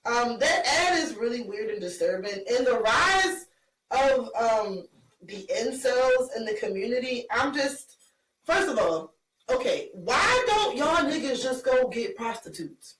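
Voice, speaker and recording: A woman's voice: fairly high pitch, very animated, a little slow, fairly bright tone. A woman co-hosting a casual chat show, talking bluntly with lots of fillers and laughs. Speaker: podcast co-host. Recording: echoey room from far off, faint noise.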